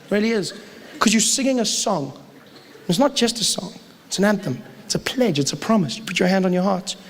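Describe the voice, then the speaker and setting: A man doing stand-up comedy in a conversational, animated way. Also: sits high, a little fast. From South Africa. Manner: conversational, animated, acts out voices. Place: large live venue with audience. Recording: live hall with crowd noise.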